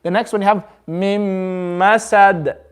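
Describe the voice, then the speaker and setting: A man teaching a community class, patiently drawing out each word slowly, then explaining in quick bursts. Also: high voice, steady tone, clear, resonant tone. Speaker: Quran recitation teacher. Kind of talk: hands-on group lesson.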